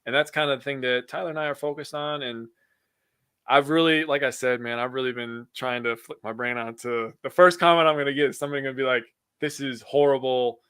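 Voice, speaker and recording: A man in casual sports chat, loud and animated, cursing freely and laughing at his own stories. His voice is bright and the sound is dry and close, with no room around it. He reacts big and talks fast when worked up. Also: mid-range voice, clean tone, no echo. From Wisconsin. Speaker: podcast co-host.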